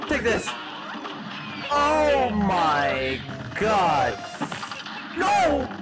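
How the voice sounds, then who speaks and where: A man playing a demon hedgehog doing let's-play commentary, panicky and yelping, over loud game music. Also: on the high side, very animated, slow pace, low-quality recording. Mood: frantic. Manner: panicky, yelps and repeats himself. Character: psychotic demon hedgehog, male, gaming. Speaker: gamer.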